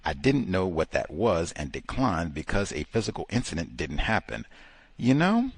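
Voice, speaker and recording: Low husky-voiced man ranting emphatically. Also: sing-song, moderate pace, dry recording. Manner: emphatic, exclamatory, rhetorical questions. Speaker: host. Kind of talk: impassioned commentary.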